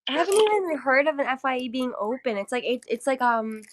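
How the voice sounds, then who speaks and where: A woman's voice: high voice, a little fast, a little hiss or hum. A woman from upstate New York, chatting casually on a live video call in a giggly, breezy way. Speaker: guest on a live chat.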